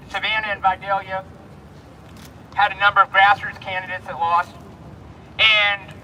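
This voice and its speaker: High-voiced emphatic man rallying outdoors. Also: sharp tone, recorded from a distance, a little hiss or hum, poor audio. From Texas. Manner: emphatic, repetitive, rousing. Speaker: rally speaker. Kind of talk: outdoor protest speech.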